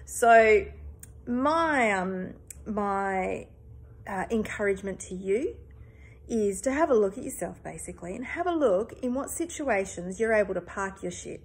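A woman's voice: mid-range voice, expressive, a little slow, slightly rough. A woman in her thirties, a therapist, talking earnestly and emphatically in a personal reflective monologue, swearing casually.

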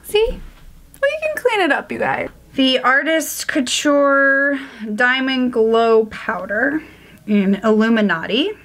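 A woman's voice: high-pitched, animated, takes it slowly, a bit bright. A woman vlogger chatting casually through a makeup tutorial, joking about her own mistakes. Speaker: beauty vlogger.

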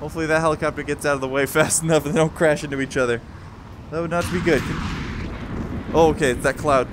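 A man giving excited, laughing commentary while playing a game, talking to the planes. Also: on the high side, quick pace, slight background noise. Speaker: gameplay streamer.

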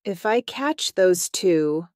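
Storybook lion, proud and fierce, low and slow, read by a woman. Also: animated, darkish tone, no room sound, studio quality. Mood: threatening.

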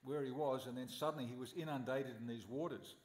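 A man's voice: mid-range voice, steady tone, fast talker, darkish tone, roomy sound, in a large hall. A man giving a scripture class at a temple, telling stories animatedly and posing rhetorical questions. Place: temple hall.

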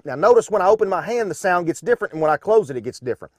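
A man's voice: sits high, big pitch swings, rapid-fire, very noisy. A man from Arkansas, demonstrating duck calls in a folksy, instructional way from a duck blind.

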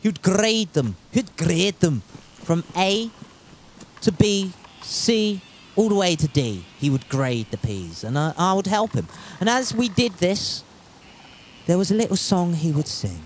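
A man's voice: sits high, lively intonation, a little slow, slight background noise. A man streaming a survival game, chatting casually, joking, swearing and trying out put-on accents. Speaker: gaming streamer. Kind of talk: casual gameplay commentary.

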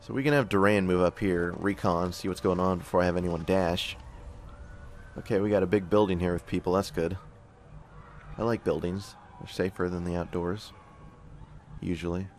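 Young male let's-play host, very low voice, joking asides to his squad, faint hiss behind. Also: fairly even intonation, moderate pace, pauses often. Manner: joking, talks to his soldiers. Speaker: gameplay commentator. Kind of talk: casual let's-play commentary.

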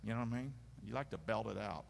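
A man preaching a sermon as pastor, energetic and calling for the congregation's responses. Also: fairly low pitch, quick pace, creaky. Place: large church sanctuary. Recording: long hall reverb in church.

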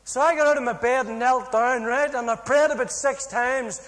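A Northern Irish man shares his testimony in a strikingly high voice, animated and funny, playing out every exchange as he goes. His words ring out with a long reverb, like a big hall. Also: normal speed. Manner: animated, humorous storytelling with acted-out dialogue. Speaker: speaker giving a personal testimony. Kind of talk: storytelling testimony.

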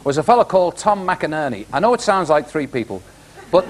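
Animated middle-aged male warm-up comic. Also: on the high side, a little fast, heavy background noise. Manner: chatty, animated storyteller, asks the crowd questions. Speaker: studio warm-up comedian. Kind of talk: stand-up joke telling to a live studio audience. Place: television studio before a live audience.

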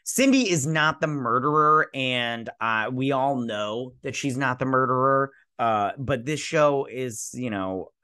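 A man in the middle of his pitch range runs through an episode recap in a loose, sarcastic style. He is crude and laughs as he acts out the characters' lines. The sound is dry and close, with no room echo. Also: a bit bright. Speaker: host. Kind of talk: casual episode recap and review.

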